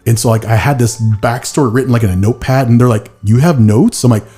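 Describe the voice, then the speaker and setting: A medium-pitched, dark, breathy voice moves fast with fairly even intonation as the host rambles through casual stories. He uses "like" a lot and shifts into silly voices, with faint music behind.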